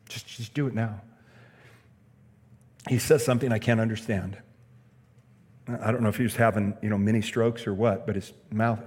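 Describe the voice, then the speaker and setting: A man's voice: fairly low pitch, darkish tone, slightly rough, in a large hall. A male pastor preaching a sermon, telling a story earnestly and hammering points home with repeated phrases.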